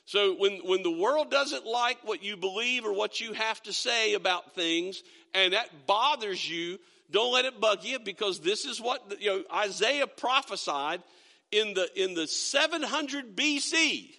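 A middle-aged man preaching a sermon, reading scripture slowly and emphatically, stumbling over restarts. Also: high voice, creaky, pushed and bright, in a large hall. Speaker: pastor. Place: church sanctuary.

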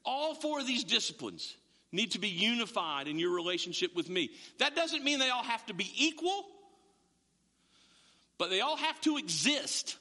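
A man preaching a sermon as pastor, animated and acting out his listeners' voices. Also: high voice, normal speed, in a large hall.

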